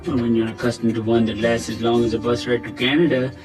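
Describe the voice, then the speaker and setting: A man's voice: mid-range voice, little pitch movement, quick pace, music in the background, natural voice. An actor playing an earnest young Indian man in a sitcom, speaking with a put-on Indian English accent and overly proper phrasing. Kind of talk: sitcom acting.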